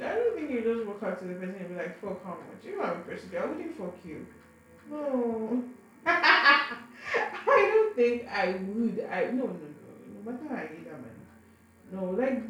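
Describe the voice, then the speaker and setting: A young woman tells a story straight to the camera in a loose, candid way, doubling back on her words as she talks. Her voice sits at an ordinary middle pitch. It rings around a very echoey room with a faint hiss behind it. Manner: animated, frank, stumbles and repeats words. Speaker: vlogger. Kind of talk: casual storytelling.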